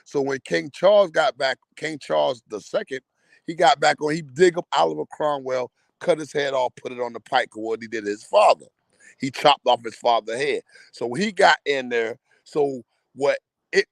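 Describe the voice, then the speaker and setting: A man's voice: fairly high pitch, normal speed, creaky, dry recording. A man co-hosting a casual group discussion, talking in a rambling, slangy way and often repeating words. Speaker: podcast co-host.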